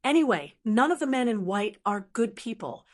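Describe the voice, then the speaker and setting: A woman's voice: a little high, big pitch swings, moderate pace. A woman voicing a lazy, brash young nobleman who scoffs and talks bluntly.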